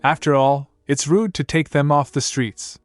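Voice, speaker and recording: A man's voice: fairly high pitch, fairly even intonation, normal speed, dry recording, soft background music, voice pushed up, natural voice. A man voicing a teasing old grandmother. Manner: warm, teasing.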